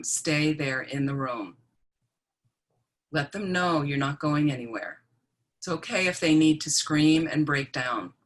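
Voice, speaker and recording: A woman's voice: low voice, fairly bright tone. A woman, a Buddhist nun, giving a plain-spoken teaching talk on death and dying, often checking in with her listeners.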